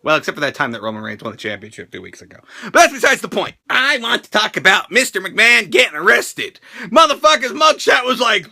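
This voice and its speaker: High gravelly excitable rant host. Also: male voice, fast. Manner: crude, excitable, jokey, does impressions. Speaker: wrestling show reaction host. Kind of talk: profane comedic rant review.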